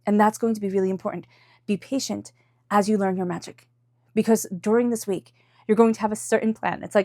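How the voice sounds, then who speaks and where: A woman giving a weekly tarot reading in a gentle, musing way, often checking in with the listener. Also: mid-range voice, fairly even intonation, a little fast, dry recording, studio quality. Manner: gentle, musing, frequent "right?" asides. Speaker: tarot reader.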